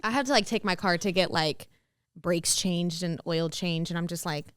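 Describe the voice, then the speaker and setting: A woman co-hosting a podcast, chatting casually with quick, expressive reactions. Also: fairly low pitch, clear, resonant tone, dry recording, clean studio sound. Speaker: podcast co-host. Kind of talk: casual chat.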